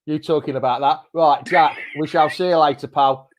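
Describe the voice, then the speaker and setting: A man's voice: fairly high pitch, steady tone, normal speed. Chatty man hosting a fan show. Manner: chatty, matey banter. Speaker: host. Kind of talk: casual live chat show.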